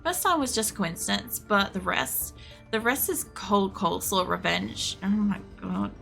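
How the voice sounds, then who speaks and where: Gravelly-voiced woman streamer, rambling chat. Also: mid-range voice, unhurried, soft background music. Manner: rambling, chatty, swears freely; yells excitedly at the game. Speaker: video game streamer. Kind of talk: casual live-stream chatter while gaming. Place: home room with air conditioning.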